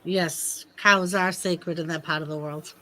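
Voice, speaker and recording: A woman's voice: fairly low pitch, steady tone, measured pace, pushed and bright, slight background noise. A woman co-hosting a casual chat show, teasing her guests and laughing often. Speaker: co-host.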